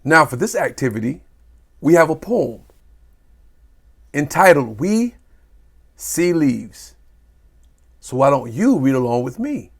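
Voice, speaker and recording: A man's voice: on the high side, takes it slowly, pauses often, slightly rough. Playful man teaching kids poetry. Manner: animated, playful sound effects for kids. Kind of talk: children's poetry lesson, reading aloud.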